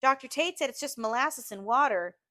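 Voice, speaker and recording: A woman's voice: high voice, normal speed, bright, forceful tone, voice pushed up. A woman voicing a frightened young Southern wife, pleading and tearful. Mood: distraught pleading.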